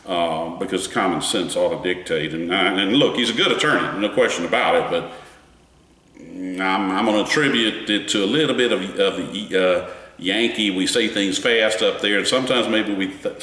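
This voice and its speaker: Animated Southern man in echoey room. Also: normal speed. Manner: animated, folksy storytelling with wide pitch swings. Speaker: courtroom commentator. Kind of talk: spoken trial recap. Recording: echoey room with long reverb.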